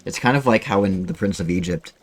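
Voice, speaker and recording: Low, husky-voiced male game streamer. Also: brisk, faint music behind. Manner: rambling, swears freely. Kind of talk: casual gameplay commentary.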